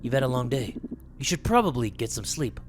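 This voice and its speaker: A man voicing a menacing, soft-spoken male babysitter with a low, hushed manner. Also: sing-song, a little fast, over music, lightly acted.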